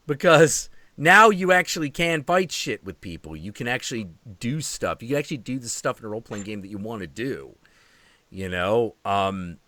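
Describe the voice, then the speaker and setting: Lively, bright-voiced male stream host. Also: mid-range voice, dry recording. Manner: animated storytelling with profanity and acted-out quotes. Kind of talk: casual chat.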